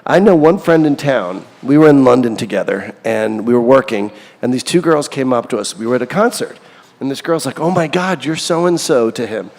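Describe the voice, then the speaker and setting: A man's voice: medium pitch, expressive, fairly quick, vocal fry, a little mellow, in a large hall. A middle-aged man, a songwriter being interviewed, talking candidly and rambling, with a self-deprecating streak. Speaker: songwriter guest. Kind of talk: casual interview.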